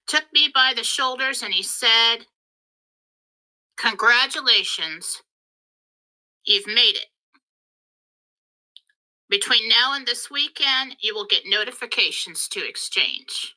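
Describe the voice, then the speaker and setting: Bright-voiced excitable woman. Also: on the high side, poor audio. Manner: excitable, emotional, rushing through her story. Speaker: spiritual channel host. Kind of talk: casual storytelling monologue.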